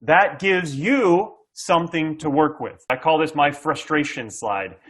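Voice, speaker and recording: A middle-aged SaaS sales coach, appearing as a guest, energetically explains sales tactics to an interviewer, acting out buyer dialogue and often checking in with "okay?". His voice is a little high, unhurried, and a bit bright.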